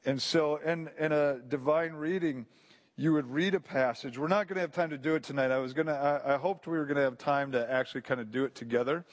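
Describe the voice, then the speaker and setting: Man, informal sermon, fairly high voice, chatty storytelling, drifts off-mic now and then. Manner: conversational, storytelling with asides and repeated restarts. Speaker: pastor or Bible teacher. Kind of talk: informal sermon talk to a group.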